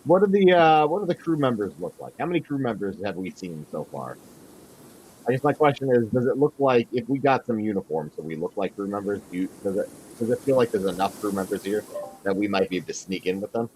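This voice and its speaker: A man playing a tabletop game, asking lots of questions with quick restarts. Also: lowish voice, a little hiss or hum, low-quality recording. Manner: lively, asks questions with restarts. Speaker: player. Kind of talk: casual tabletop game play.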